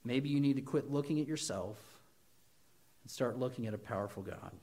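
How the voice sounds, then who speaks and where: A man preaching a sermon, animated and emphatic, acting out quoted voices. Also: mid-range voice, brisk. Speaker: pastor.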